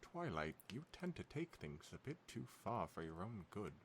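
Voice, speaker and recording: A man's voice: fairly low pitch, big pitch swings, moderate pace, a little hiss or hum. A man voicing a haughty, fancy female pony fashionista in a put-on, vaguely British accent, reading fan fiction aloud in a prim, fussy manner. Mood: scolding.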